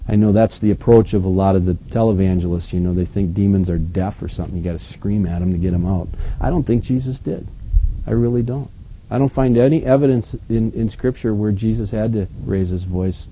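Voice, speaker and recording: Mellow-voiced pastor, conversational. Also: male voice, fairly low pitch, brisk, slight background noise, poor audio. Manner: reads scripture aloud, then comments in a relaxed, conversational way. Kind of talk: Bible reading with sermon commentary.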